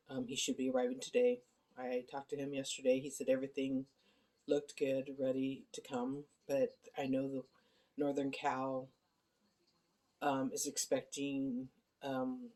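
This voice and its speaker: A middle-aged woman giving a casual personal video update from her home, speaking softly and haltingly with many ums and apologies. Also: rumbling low. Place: at home, indoor living room. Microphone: handheld phone camera.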